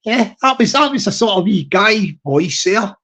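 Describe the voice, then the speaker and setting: A man's voice: high voice, animated, moderate pace, fairly bright tone. A man from Glasgow with a Glaswegian accent, chatting casually on a live stream. He rambles, jokes and repeats himself as he goes. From Glasgow, Scotland. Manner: rambling, jokey, repeats himself, laughs often.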